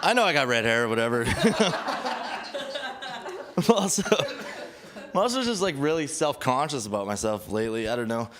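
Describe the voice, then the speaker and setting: A man's voice: medium pitch, lively intonation, moderate pace, long pauses, crowd noise. A man doing a stand-up set on a club stage, rambling and self-deprecating, often laughing at his own jokes. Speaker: stand-up comedian.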